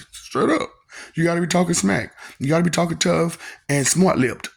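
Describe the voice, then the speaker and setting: A man's voice: a little high, normal speed, creaky, slightly rough. A man talking in a freewheeling, taunting monologue, repeating lines and laughing often.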